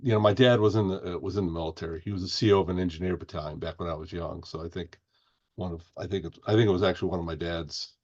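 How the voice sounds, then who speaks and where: Deep-voiced man, dull lo-fi audio. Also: steady tone, fast, darkish tone. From Indiana, US. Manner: rambling, restarts often. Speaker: podcast guest. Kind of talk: casual interview chat.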